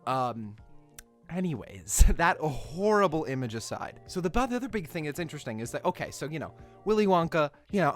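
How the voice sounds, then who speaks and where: A young adult film commentator delivering a comedic, profanity-laced rant, self-mocking and animated. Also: mid-range voice, brisk, soft background music.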